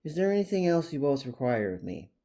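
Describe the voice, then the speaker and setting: A man voicing a wise, formal male great horned owl who speaks in a precise, measured way in a read-aloud storybook. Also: a little high, sing-song, warm tone.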